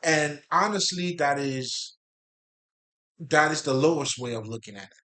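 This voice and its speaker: With a higher, sharp-toned voice and lively intonation, a spiritual talk host speaks unhurriedly in a casual, rambling monologue. He's streetwise and profane, swearing freely, using slang, and breaking into laughs often.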